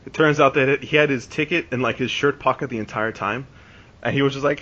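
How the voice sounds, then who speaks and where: A fast-talking podcast host in his twenties, with a mid-range, somewhat bright voice, rambles through a long casual story full of restarts and "like." The dull lo-fi recording carries a little hiss or hum.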